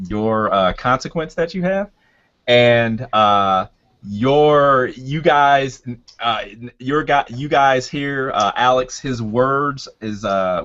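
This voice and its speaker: A man acting as game master for a tabletop game narrates haltingly, with many fillers and restarts. His voice is mid-range and a bit bright, and the audio is dull.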